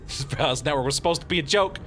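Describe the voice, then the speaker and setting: A male streamer giving live game commentary, playful and quick to laugh, with lots of exclamations. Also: a little high, a bit bright, faint music behind.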